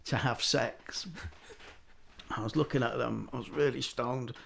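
Middle-aged male storyteller, gravelly and lively, chatty anecdotes. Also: medium pitch, a little slow. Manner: animated storytelling, acting out quoted voices. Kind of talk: casual anecdotal chat.

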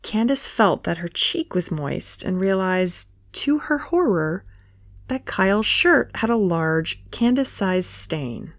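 A woman narrates a light romance story in a soft, playful voice at a middle pitch. The sound is close and dry, with no room around her. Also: animated, takes it slowly, no echo.

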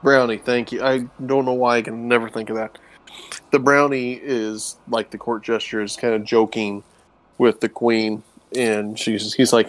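A man co-hosting a casual chat, recapping a comic's plot in a relaxed storytelling way. He paraphrases the characters in quick asides and laughs easily. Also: medium pitch, dry recording. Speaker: comic book podcast co-host.

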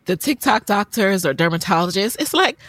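A woman's voice: mid-range voice, expressive, fairly quick, fairly bright tone, no echo. A woman hosting a podcast interview, affirming her guest and moving through questions. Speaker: podcast host.

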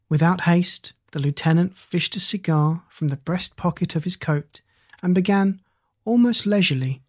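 A man reading a hard-boiled crime story aloud in a measured storytelling voice. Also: a little high, a little mellow. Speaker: narrator. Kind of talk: audiobook narration.

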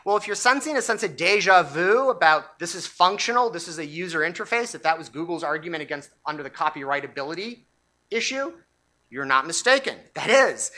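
Bright-voiced, emphatic legal lecturer. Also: mid-range voice. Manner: analytical, stop-start with frequent restarts; emphatic when stressing key points. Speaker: legal commentator. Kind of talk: lecture on a court ruling.

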